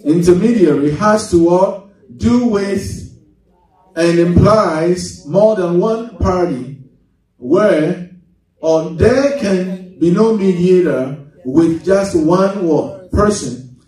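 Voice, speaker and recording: A pastor delivers a sermon in a slow, deliberate cadence, his voice sitting a bit high for a man yet mellow and dark in tone. He keeps asking the congregation leading questions. He is recorded from a distance in a heavily echoing church hall. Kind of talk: sermon with call-and-response Bible reading. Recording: very echoey hall, mic far off.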